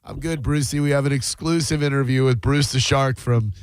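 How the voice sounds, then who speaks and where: A man hosting a radio call-in show, joking dryly and firing back quick comebacks at callers. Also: mid-range voice, fairly even intonation, clean tone, dry recording. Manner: wisecracking, dry and quick with comebacks. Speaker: radio host taking calls. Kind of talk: casual radio talk show banter.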